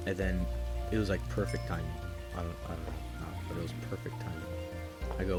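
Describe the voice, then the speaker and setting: Deep-voiced man rambling through a story. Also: fairly even intonation, moderate pace, rough recording. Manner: rambling, lots of filler words. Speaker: gaming video creator. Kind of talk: casual storytelling over gameplay. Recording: music and rain behind voice.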